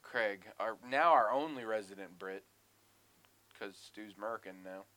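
A man chatting on a podcast with a bright, forceful voice. He rants in an animated, profane way and swings into mock outrage as he tells a story. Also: lowish voice, measured pace. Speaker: podcast co-host. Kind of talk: casual chat.

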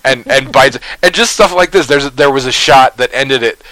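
A man's voice: mid-range voice, normal speed, pushed and bright, no room sound, low-quality recording. A man co-hosting a podcast, chatting casually and telling rambling, tangent-filled stories. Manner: rambling, tangent-prone storyteller. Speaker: podcast co-host. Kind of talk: casual chat.

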